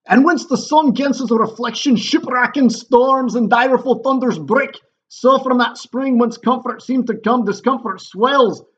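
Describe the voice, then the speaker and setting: A man's voice: extremely high pitch, unhurried, hardly any pauses, slightly rough, dull audio, voice pushed up, full character voice. A man doing a bleeding Scottish captain. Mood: declaiming. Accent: Scottish, put on. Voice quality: loud and strained, declaiming. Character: wounded bleeding male Scottish army captain.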